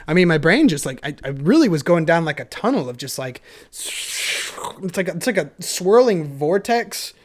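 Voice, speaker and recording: A man's voice: on the high side, big pitch swings, normal speed. A man hosting a casual solo podcast, rambling in a self-deprecating stream of consciousness with lots of fillers, a little tipsy from wine.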